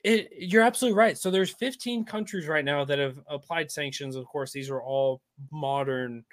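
Animated, rambling male podcast guest. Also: fairly high pitch, moderate pace. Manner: animated, rambling, restarts often. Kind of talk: casual political talk.

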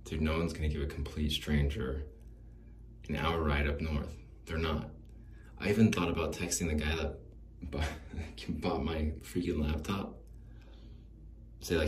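Guy with a super deep voice rambling solo on his podcast, self-deprecating and wistful, roomy echo and faint hiss. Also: steady tone, unhurried, long pauses. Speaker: podcast host. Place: small home studio.

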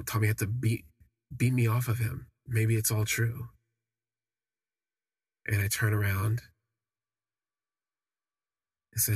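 A young man recounts his own story in a reflective, halting way, often restarting his sentences. His low voice is gravelly and heavily husky. The delivery stays flat and the sound is dry and close. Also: dry recording. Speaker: podcast storyteller. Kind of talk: personal storytelling.

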